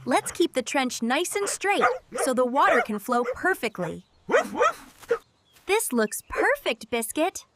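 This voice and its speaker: Sweet cartoon girl, gentle and encouraging, very high and lively, as a woman voices her; steady noise behind. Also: slow, heavily acted. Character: kind, encouraging young girl. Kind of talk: children's cartoon voice acting.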